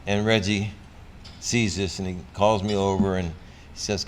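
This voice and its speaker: An older man, a former pro athlete, giving a motivational talk full of personal stories that he acts out with lively, sometimes loud energy. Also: deep voice, normal speed, smooth. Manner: animated storyteller who acts out scenes, loud when excited.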